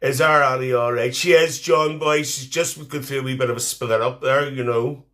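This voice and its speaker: A man's voice: medium pitch, steady tone, moderate pace, fairly bright tone, natural voice. A man playing a chatty, cheeky middle-aged auntie woman, hosting a live stream on a phone, teasing and mothering the viewers as he reads their comments.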